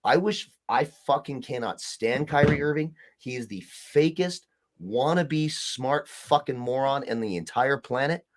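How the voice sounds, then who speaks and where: A man's voice: medium pitch, unhurried, a little hiss or hum. A man co-hosting a sports podcast, talking casually and ranting with heavy swearing. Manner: profane, ranting. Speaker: podcast co-host.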